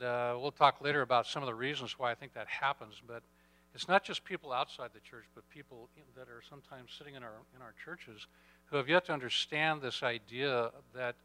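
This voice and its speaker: A church leader speaking in a measured, thoughtful way about faith and obedience, with some hesitations. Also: male voice, mid-range voice, fairly even intonation, bright, forceful tone. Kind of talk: reflective talk on faith.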